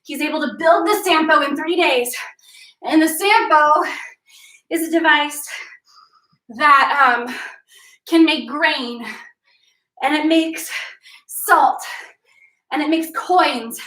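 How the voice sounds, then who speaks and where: A young woman leads a home workout class and tells an old legend between exercise cues, playful and full of energy. Her voice is high and bright. It is recorded from some distance in an echoey room. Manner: energetic, playful, retelling a legend while cueing moves. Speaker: fitness instructor. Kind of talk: live workout class with storytelling.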